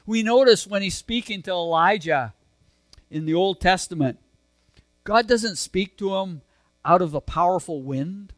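Soft-spoken pastor preaching slowly. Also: male voice, high-pitched, no echo, faint music behind. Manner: dynamic, swings from emphatic to soft and hushed; earnest, conversational preaching with restarts. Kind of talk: sermon.

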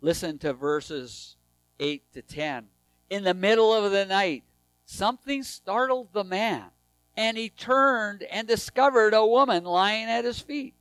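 A man preaching a sermon, reading scripture aloud, swinging between raised emphasis and hushed, tender lines. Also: high voice, measured pace, no echo, soft background music, poor audio.

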